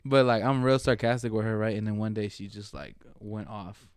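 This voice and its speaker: A man's voice: fairly low pitch, a little fast, clear, resonant tone, no echo. A young man co-hosting a casual podcast on an outdoor patio, telling slangy, rambling stories full of fillers. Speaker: podcast co-host. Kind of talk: casual chat.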